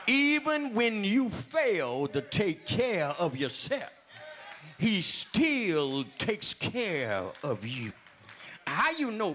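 Man, preacher, sermon, slow deliberate delivery, bright ringing tone, rhythmic refrains. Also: high voice. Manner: rhythmic preaching with repeated refrains, rising to shouts; addresses the congregation directly, calling for testimony.

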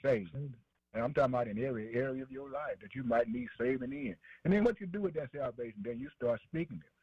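The preacher's mid-range voice has a breathy edge and a quick pace, with no echo. His repetitive, rhythmic sermon uses "man" and "boy" as call-and-response fillers between phrases, captured as a dry, dull lo-fi radio broadcast.

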